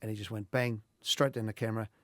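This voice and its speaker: A middle-aged Australian man, a podcast guest, telling animated anecdotes in casual talk and laughing often. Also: on the low side, fast, dry recording. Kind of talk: casual storytelling.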